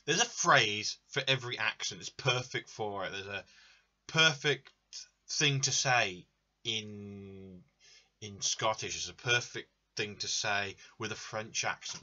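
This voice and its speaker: A man's voice: lowish voice, pushed and bright. A man hosting a drawing livestream in casual chat, greeting viewers by name and murmuring as he reads out requests. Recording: dull lo-fi stream audio.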